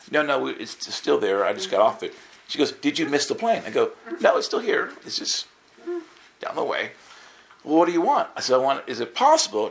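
Gravelly man preaching through a story. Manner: animated storytelling, acts out dialogue with jumps in pitch. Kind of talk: storytelling sermon.

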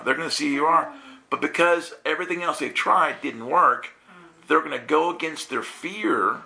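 A man preaching a lively sermon to listeners, telling stories with laughter and acting out the voices of the people in them. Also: mid-range voice, gravelly. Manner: animated, laughing, acts out quoted voices.

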